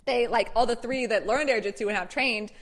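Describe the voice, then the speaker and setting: A young woman recapping a cartoon to a friend in casual chat, excitable and giggly, swearing casually. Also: on the high side, brisk. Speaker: storyteller to a friend.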